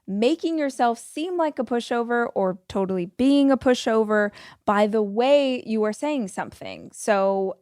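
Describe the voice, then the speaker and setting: A woman's voice: fairly high pitch, lively intonation, unhurried, a little mellow, clean tone, no echo, studio quality. A woman in her forties hosting a podcast, giving firm, emphatic self-help advice in a motivational monologue. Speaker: podcast host.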